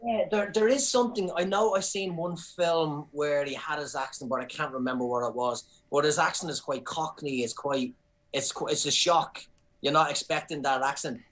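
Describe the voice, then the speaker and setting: A man with an Irish accent, a comedian and actor chatting on a podcast, telling lively anecdotes with frequent restarts. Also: on the high side, normal speed, low-quality recording. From Ireland. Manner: animated storyteller, many restarts. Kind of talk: casual podcast chat.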